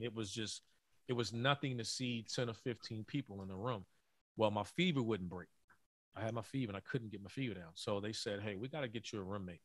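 A middle-aged man, a former college basketball player, telling an earnest story in a podcast interview, often halting and repeating words. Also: fairly low pitch, no echo.

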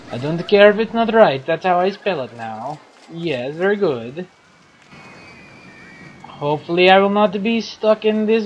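A man's voice: high-pitched, muffled recording, a little hiss or hum. A man putting on the voice of a cheerful foreign reporter who speaks broken English, during game commentary.

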